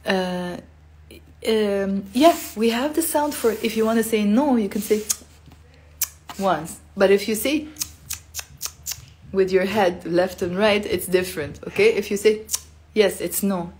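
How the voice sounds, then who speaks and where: A woman's voice: medium pitch, unhurried, long pauses, a little mellow, slight background noise. A woman giving a casual live-stream language lesson, chatty and full of fillers, acting out the sounds she teaches. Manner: chatty, filler-heavy, demonstrates sounds expressively.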